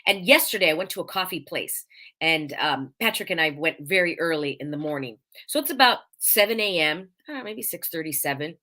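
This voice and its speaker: Hosting a live podcast, a woman delivers a casual monologue, telling a story with emphatic repetition and acting out quoted voices. She speaks clearly with careful diction, her low voice brisk and animated.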